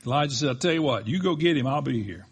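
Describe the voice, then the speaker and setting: Husky-voiced man preaching with animated storytelling. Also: medium pitch, fast talker. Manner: storytelling, animated, acts out quoted lines. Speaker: pastor. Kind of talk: sermon.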